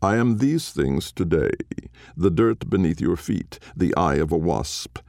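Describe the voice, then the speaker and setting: A man reading as a calm, ominous white dog spirit that speaks softly and with measured menace. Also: sits low, creaky, no room sound, studio quality, exaggerated voice. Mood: soothing eerie.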